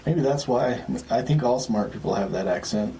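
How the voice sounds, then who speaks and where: A man's voice: medium pitch, lively intonation, moderate pace, dark tone, a little hiss or hum. A man co-hosting a podcast in casual banter, playful and laughing often. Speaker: podcast co-host.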